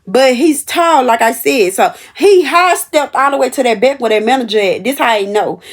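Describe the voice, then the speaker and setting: High-voiced woman telling a work story. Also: moderate pace. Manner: animated, emphatic, talks straight to viewers. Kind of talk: casual storytelling to camera.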